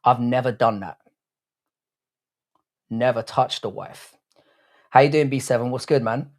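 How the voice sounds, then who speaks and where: A man's voice: mid-range voice, measured pace. Laid-back man hosting a stream. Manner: laid-back, swears freely, banters with chat. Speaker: livestream host. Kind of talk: casual livestream chat. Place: room at home.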